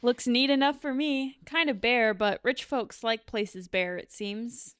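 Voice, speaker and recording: A woman's voice: on the high side, steady tone, a little slow, a bit bright, smooth. A woman reading the part of a plain-spoken middle-aged boatman in an amateur play read-through, in her own voice. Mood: gossiping.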